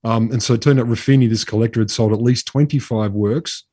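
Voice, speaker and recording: A man's voice: medium pitch, steady tone, quick pace, mellow, husky, no room sound, clean studio sound. A man co-hosting a podcast, telling a story in a chatty, swearing, casual way. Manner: chatty, swears freely, drops into mock voices. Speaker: podcast co-host.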